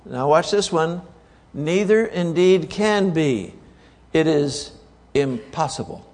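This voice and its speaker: A man's voice: a little high, lively intonation, slow, a little mellow, in a large hall. A man preaching a sermon to a congregation, emphatic, repeating key words and asking the audience rhetorical questions.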